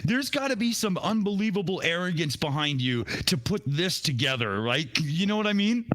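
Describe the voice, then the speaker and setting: Animated man with swinging pitch. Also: normal speed, a little hiss or hum. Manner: animated, exaggerated outrage, laughs a lot. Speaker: panel guest. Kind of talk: live round-table chat.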